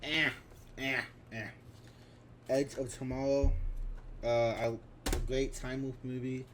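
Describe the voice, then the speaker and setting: A man's voice: medium pitch, level tone, slow pace, noisy background. Young man rambling about his film collection. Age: 20s. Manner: rambling, offhand, with restarts and fillers. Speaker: vlogger. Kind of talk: casual commentary on a film collection.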